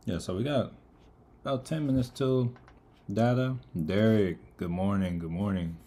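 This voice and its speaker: Low-voiced man chatting through a livestream. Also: normal speed, slight background noise. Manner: relaxed, greets chat viewers by name. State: eating, mouth full of food. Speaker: livestream trader. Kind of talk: casual live market commentary.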